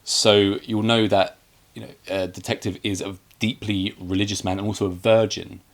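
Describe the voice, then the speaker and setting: Lower-voiced man, joking movie chat. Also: level tone, normal speed, vocal fry. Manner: chatty, joking, recounts scenes with quoted lines. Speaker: podcast co-host. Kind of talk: casual film review chat.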